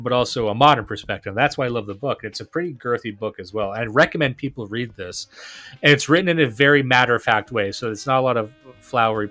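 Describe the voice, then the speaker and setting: A man's voice: medium pitch, fairly bright tone. A man hosting a podcast, talking casually and enthusiastically, often restarting and repeating words. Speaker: podcast host.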